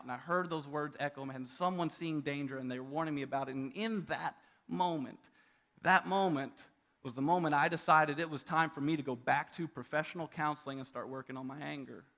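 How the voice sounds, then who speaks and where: A man's voice: fairly high pitch, a bit bright. A man in his thirties preaching a sermon as a pastor, telling a personal story in an earnest way. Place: church auditorium.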